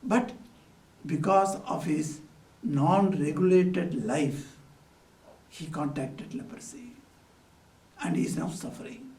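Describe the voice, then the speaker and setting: Swami, high voice, echoey room. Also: male voice, animated, slow, long pauses, a little mellow. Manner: storytelling with rhetorical questions, non-native phrasing. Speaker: swami giving a spiritual talk. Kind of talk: devotional talk. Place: hall at a Vedanta society. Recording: echoey room, mic at a distance.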